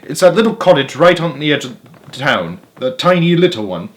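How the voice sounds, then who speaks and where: A man's voice: a little high, big pitch swings, moderate pace, voice pushed up. A man doing an eager young boy.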